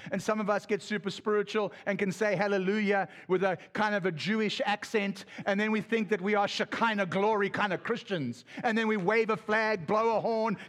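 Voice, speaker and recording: A middle-aged South African pastor preaching a sermon with fast, impassioned delivery and quick asides to the congregation. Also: male voice, sits high, a bit bright.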